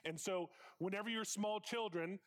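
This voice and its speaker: A man's voice: high-pitched, moderate pace. A man preaching a conversational sermon, stressing points through repetition and putting rhetorical questions to the congregation. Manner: emphatic, repeats phrases for stress.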